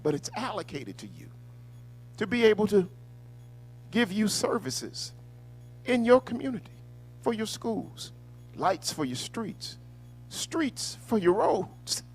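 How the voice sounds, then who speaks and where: A man hosting a live-stream talk show, swinging between a hushed, mock-calm delivery and loud, preaching rants. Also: high voice, takes it slowly, pauses often, husky, rough recording. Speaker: host. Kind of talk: live-stream commentary segment.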